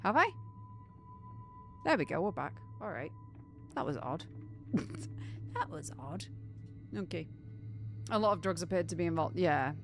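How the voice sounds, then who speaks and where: A young British woman chatting casually on a game live stream, animated and incredulous, laughing often. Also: lowish voice, a little slow, long pauses, soft background music.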